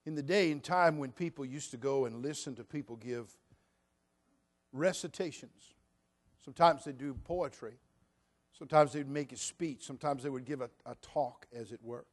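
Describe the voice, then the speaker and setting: A man's voice: medium pitch, normal speed. A man preaching a sermon to his church, telling a story in a conversational way. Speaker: pastor. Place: church sanctuary.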